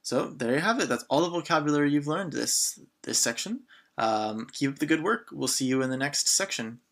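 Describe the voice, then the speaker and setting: A man teaching an online beginner lesson in a relaxed way, with frequent fillers. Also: a little high, brisk. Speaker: language teacher.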